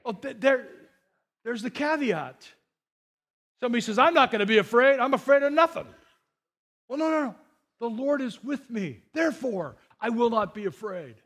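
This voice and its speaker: A man preaches with a strikingly high voice. He tells stories full of quoted dialogue and swings from excited outbursts to low, hushed emphasis. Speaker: pastor. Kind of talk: sermon.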